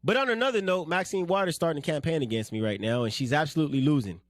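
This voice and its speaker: A man's voice: fairly high pitch, lively intonation, racing, dry recording. A man from South Central Los Angeles giving a blunt, slangy, fired-up radio monologue as host and political candidate.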